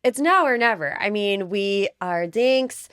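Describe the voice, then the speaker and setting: A woman co-hosts a casual podcast and tells a story in a lively, chatty way. She drops in quick quoted asides as she goes. The sound is dry and close to the mic. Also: mid-range voice, clean tone, dry recording. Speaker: podcast co-host and interviewer. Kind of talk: casual chat.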